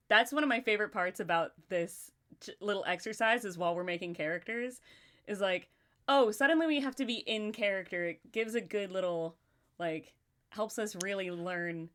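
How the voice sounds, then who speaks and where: A woman hosting a casual livestream chat, talkative and quick to laugh, often talking to herself as she goes. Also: mid-range voice, expressive, fairly bright tone. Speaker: livestream host.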